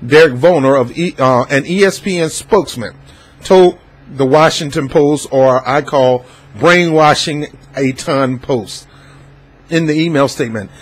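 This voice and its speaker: A man's voice: fairly high pitch, a little slow, slightly rough, low-quality recording. A man giving casual news commentary in a rambling, digressive way, full of fillers and asides. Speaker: vlog host.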